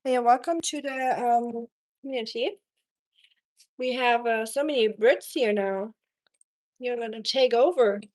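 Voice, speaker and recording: A woman's voice: fairly high pitch, measured pace, long pauses, a little mellow. A young woman hosting a casual cooking live stream, chatting with viewers and reading their messages aloud, from Germany. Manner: chatty, reads chat aloud, frequent ums.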